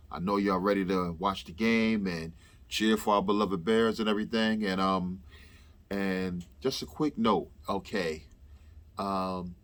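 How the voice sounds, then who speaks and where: A man hosting a sports fan show, talking casually and rambling with lots of fillers and restarts. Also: deep voice. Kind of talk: casual chat.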